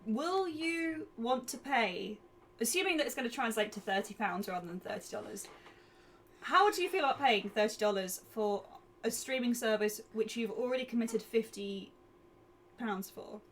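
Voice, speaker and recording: A woman co-hosting a podcast in casual chat, lively and quick to laugh. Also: a little high. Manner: lively, chatty, laughs often. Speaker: podcast co-host. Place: home. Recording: faint background noise.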